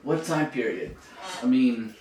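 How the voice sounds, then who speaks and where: This young man from the Philippines, guesting on a podcast, has a mid-range, slightly mellow voice with lively intonation and an unhurried pace. His casual, playful chat is full of "like"s and hedges, captured by a distant camera microphone instead of the podcast mic, giving roomy audio with a little hiss or hum.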